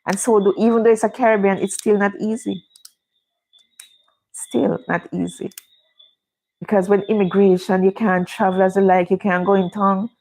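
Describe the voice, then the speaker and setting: A woman's voice: medium pitch, fairly even intonation, moderate pace, long pauses, dark tone, poor audio. A middle-aged Jamaican woman with a Jamaican accent, chatting casually to viewers on her own livestream. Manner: chatty, speaks Jamaican English. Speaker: livestream host.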